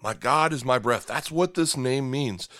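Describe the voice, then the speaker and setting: A man's voice: mid-range voice, unhurried, bright, forceful tone, no echo, clean studio sound. A middle-aged man preaching a sermon, repeating key phrases, dropping to near-whispers for emphasis and checking in with "right?" and "okay?". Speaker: pastor.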